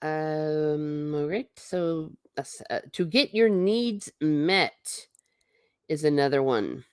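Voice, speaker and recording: A woman's voice: sits low, slow pace, darkish tone, smooth, no room sound, clean studio sound. A woman hosting a casual livestream, chatting in a rambling way, reading viewer comments aloud and laughing often. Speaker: livestream host reading chat.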